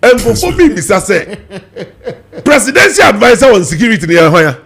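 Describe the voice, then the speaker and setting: A man with a Ghanaian accent hosting a heated political talk show, emphatic and animated, switching between English and Twi. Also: sits high, moderate pace. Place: TV studio.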